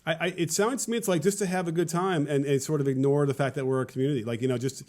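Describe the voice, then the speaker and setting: A man's voice: fairly high pitch, very fast, a little mellow. A man co-hosting a casual political podcast, musing wryly and repeating words as he thinks. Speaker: podcast co-host.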